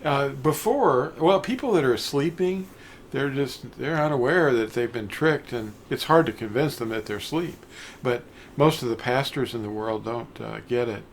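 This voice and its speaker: A man's voice: mid-range voice, moderate pace, a little hiss or hum. An older man talking casually on a phone call, rambling and mocking the people he describes in put-on voices.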